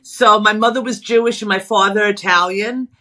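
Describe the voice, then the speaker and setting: A middle-aged woman, talking as a guest in a casual interview. She tells stories in a brash, animated way and acts out what people said. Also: medium pitch, normal speed. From Long Island, New York. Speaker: guest, spiritualist author.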